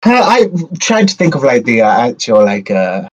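A man's voice: medium pitch, very animated, normal speed, no echo, low-quality recording. A young English man co-hosting a casual podcast chat, rambling with lots of fillers and restarts. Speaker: podcast co-host.

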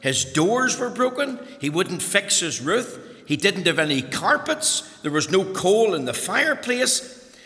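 Bright-voiced man telling a children's story. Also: high-pitched, a little slow. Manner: lively, addresses children with questions. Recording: long hall reverb.

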